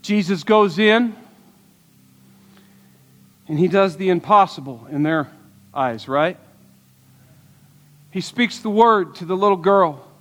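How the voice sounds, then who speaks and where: A man's voice: high-pitched, lively intonation, takes it slowly, long pauses, fairly bright tone. A man preaching a sermon as pastor, telling stories in an earnest way and asking the congregation rhetorical questions. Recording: long hall reverb.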